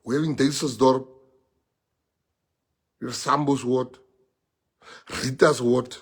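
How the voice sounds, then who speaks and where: A man's voice: mid-range voice, fairly even intonation, takes it slowly, breathy edge. A middle-aged South African man with a South African accent, leading his party and rallying supporters on a livestream, emphatic and repetitive, dropping in Afrikaans phrases. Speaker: party leader.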